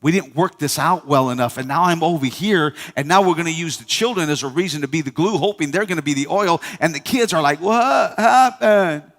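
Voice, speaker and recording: A male pastor preaches with a high, bright voice that carries through the church. His delivery is lively, with frequent calls to the congregation for a response, and a long reverb trails each phrase in the hall. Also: fast, few pauses. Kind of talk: sermon.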